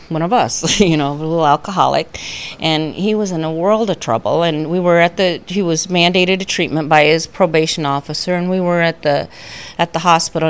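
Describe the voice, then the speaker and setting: Middle-aged woman, lowish voice, heartfelt storyteller at a recovery meeting, quick to laugh. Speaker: AA speaker.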